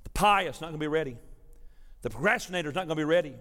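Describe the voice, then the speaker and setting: A man preaching a sermon, telling a folksy story to his congregation in a lively, animated way. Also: a little high, fast talker. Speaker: pastor. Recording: preached in a reverberant sanctuary.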